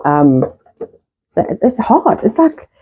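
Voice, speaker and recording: A middle-aged woman hosting a casual live stream, talking fast in a rambling way and swearing often. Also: lowish voice, sing-song, warm tone, husky. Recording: dull lo-fi live-stream audio.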